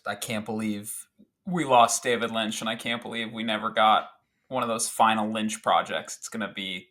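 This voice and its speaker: A man chatting as a podcast guest, recounting a favorite film scene in an animated, rambling way with fillers and restarts. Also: fairly low pitch.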